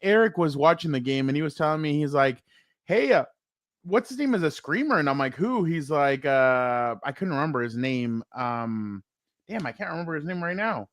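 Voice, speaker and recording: A man co-hosting a casual sports podcast, animated and playful, quick to joke. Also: mid-range voice, dry recording, studio quality. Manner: animated, breaks into playful repeated exclamations. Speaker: podcast co-host.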